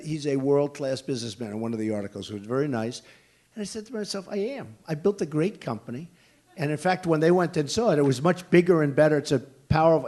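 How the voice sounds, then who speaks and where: A man's voice: a little high, a little mellow. An older man giving a campaign rally speech and taking questions, talking in a blunt, repetitive, rambling way with emphatic asides. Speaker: political candidate.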